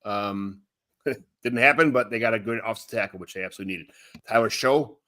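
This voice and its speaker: A man co-hosting a casual sports podcast, reading through lists in a relaxed way with fillers. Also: lowish voice, a little fast. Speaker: podcast co-host.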